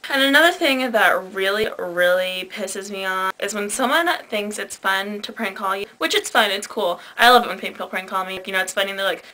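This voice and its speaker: A woman's voice: mid-range voice, animated, fast, hardly any pauses, sharp tone, low-quality recording. A teenage girl ranting to camera, blunt and sarcastic, with plenty of swearing. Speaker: vlogger. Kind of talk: casual rant to camera.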